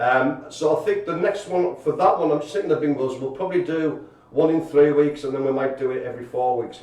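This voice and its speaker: Man, light and jokey live-stream co-host, boomy distant room sound. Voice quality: chatty, jokey, animated storytelling. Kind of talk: casual live-stream chat. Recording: echoey room, far from mic.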